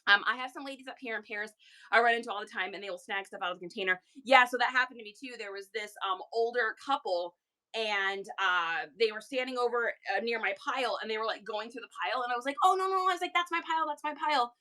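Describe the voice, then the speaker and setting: A woman chats casually through a reseller livestream, animated and prone to rambling asides. Her voice sits a little high and sounds strikingly bright. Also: fast.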